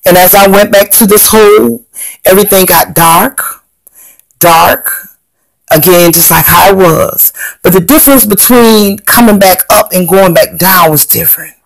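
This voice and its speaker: A woman's voice: mid-range voice, vocal fry, no room sound, poor audio. A woman earnestly telling viewers a personal story, repeating phrases and speaking to them directly. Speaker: storyteller recounting a near-death experience.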